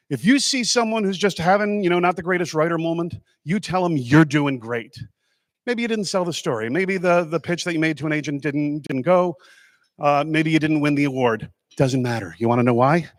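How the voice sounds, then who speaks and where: A man gives a comic speech on stage at an awards ceremony, telling stories in an animated way that breaks into sudden loud bursts. His voice sits fairly high for a man. The sound is dry and close, with no echo. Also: fairly quick.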